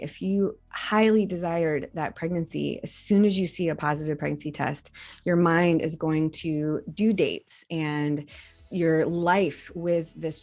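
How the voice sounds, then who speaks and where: A woman doctor in her forties, giving an educational talk to camera in an earnest, gently instructive way. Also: fairly low pitch, gravelly. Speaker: reproductive endocrinologist.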